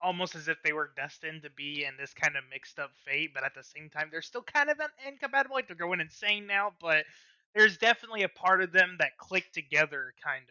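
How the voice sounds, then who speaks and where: Podcast guest, male, high bright voice, laid-back jokes. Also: brisk, no room sound, lo-fi sound. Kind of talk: casual chat.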